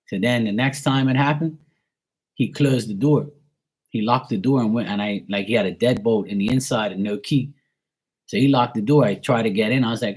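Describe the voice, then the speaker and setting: A man's voice: mid-range voice, moderate pace, darkish tone. A man in his forties from Bermuda, telling a personal story in a rambling, blunt, heavily profane way with many fillers. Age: 40s. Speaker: tarot reader streaming live.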